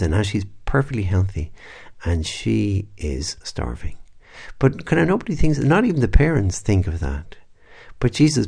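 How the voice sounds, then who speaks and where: A man, a priest, leading a spoken prayer meditation in a reflective, unhurried way, with soft asides and restarts. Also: fairly low pitch, creaky.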